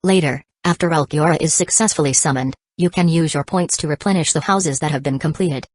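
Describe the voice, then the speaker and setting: A woman reading the part of an earnest, devoted young woman in an audiobook, in her own low voice with no character voice. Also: a little fast, no room sound. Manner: calm, even delivery.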